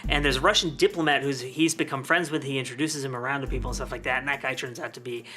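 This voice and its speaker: A man's voice: mid-range voice, fairly even intonation, fast, pushed and bright. A man giving a casual film review, rambling with many fillers.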